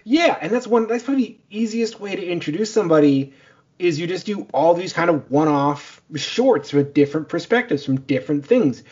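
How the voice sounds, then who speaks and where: A man co-hosting a podcast, pitching ideas in quick, enthusiastic run-on sentences. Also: expressive, a little mellow, slightly rough, highs cut off. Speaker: podcast co-host. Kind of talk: casual chat.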